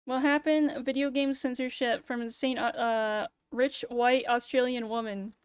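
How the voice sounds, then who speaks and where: A young woman with a high, smooth and clear voice, chatting casually on a livestream. She rants with a sarcastic edge and swears often. Her voice is recorded close and dry, with no room sound. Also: fairly even intonation, unhurried, no room sound. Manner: ranting, sarcastic, swears a lot. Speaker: VTuber streamer.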